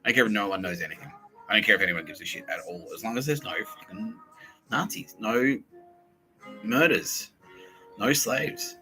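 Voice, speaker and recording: Male podcast host, low and sharp-edged, swearing and rambling, music in the back. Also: moderate pace, pauses often, rough recording. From Australia. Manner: crude and profane, swings between loud bursts and mumbles. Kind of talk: rambling comedic monologue.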